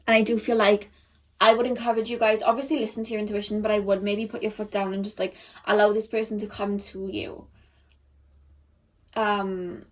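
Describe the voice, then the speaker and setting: A young woman giving a casual tarot card reading straight to camera, chatty and animated, with lots of filler words. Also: mid-range voice.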